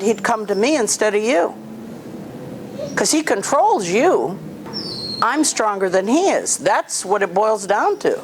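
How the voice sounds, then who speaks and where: A woman's voice: fairly high pitch, background noise. A woman dog trainer coaching an owner in a hands-on session, blunt and firm, snapping commands at the dog.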